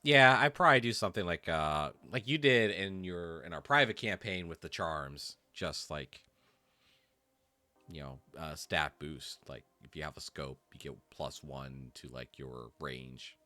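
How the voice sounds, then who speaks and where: A man's voice: a bass voice, a little slow, sharp tone. A man running a tabletop game as game master, rambling easily with lots of fillers. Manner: easygoing, rambling, full of fillers. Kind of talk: casual narration of a tabletop game.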